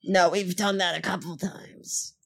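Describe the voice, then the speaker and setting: A woman co-hosting a comedy podcast, chatting casually with quick, teasing, swearing banter. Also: fairly low pitch, steady tone, creaky, fairly bright tone. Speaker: podcast co-host.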